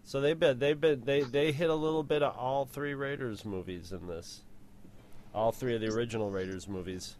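A man co-hosting a podcast in casual chat. He talks in a halting, rambling way, full of fillers and restarts, and his pitch sits in an ordinary middle range. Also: steady tone, darkish tone. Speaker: podcast co-host.

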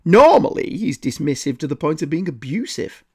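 A man with a slightly high voice reads out a scripted review of old comic strips. His delivery is dry, and he slips in sarcastic asides as he recaps each scene. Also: very animated, moderate pace, slightly rough.

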